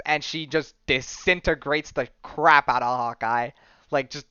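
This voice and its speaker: A man's voice: mid-range voice, normal speed, pushed and bright, smooth, no echo, muffled recording. A man hosting a podcast, casually retelling a comic storyline, quoting the characters and laughing often. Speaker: podcast host.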